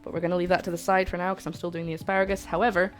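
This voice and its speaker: This British livestream host cooks while chatting with her viewers and poking fun at herself. Her lowish voice barely moves in pitch and she talks very fast, with soft background music playing.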